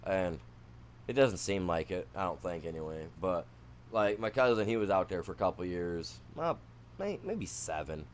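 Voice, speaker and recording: Michigan guy rambling on stream, low-ish voice, bit of noise behind. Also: lively intonation, moderate pace. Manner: rambling, slangy and easygoing. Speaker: game streamer. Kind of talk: casual gameplay chat.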